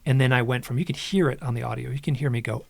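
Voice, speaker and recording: A man's voice: medium pitch, racing, vocal fry, a little mellow, slightly rough, dry recording. A man who is a podcast guest and author, retelling an experience with dramatic quoted dialogue and frequent restarts. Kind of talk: animated storytelling in conversation.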